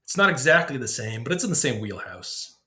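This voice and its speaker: A man doing a weary, gentle caretaker woman. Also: mid-range voice, very animated, a little fast. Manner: gentle, tired, firm. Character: weary young woman caring for two children.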